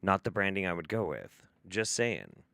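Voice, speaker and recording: A man's voice: sits low, big pitch swings, moderate pace, creaky, a bit bright, no echo. A man hosting a live stream, reacting to a video with sarcastic, profane, mocking commentary.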